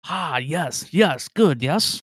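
Man doing a loud, hearty orc cook. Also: expressive, slow, breathy edge, dry recording, heavily acted. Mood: coaxing. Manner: booming, friendly, pushy, broken phrasing. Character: big grumpy-looking but hearty male orc cook.

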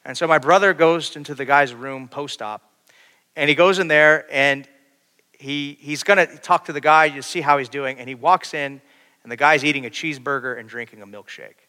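A man preaching a sermon, shifting between quiet storytelling and loud, urgent preaching. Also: on the high side, moderate pace, clear, resonant tone. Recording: long hall reverb.

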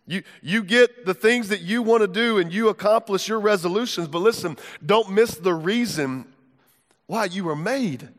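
Male pastor with a high voice, fervent conversational sermon, big reverberant church hall. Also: normal speed. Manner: fervent, conversational preaching with direct questions to the crowd.

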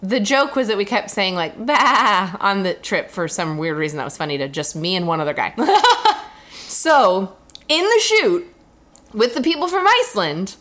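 Lively, laughing young woman telling a story. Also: mid-range voice, normal speed. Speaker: podcast co-host. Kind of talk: casual chat, storytelling.

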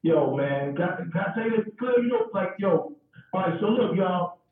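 A man telling animated, rambling stories in casual chat, often repeating his words. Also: sits high, normal speed, recorded from a distance. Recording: echoey room, off-mic, dull.

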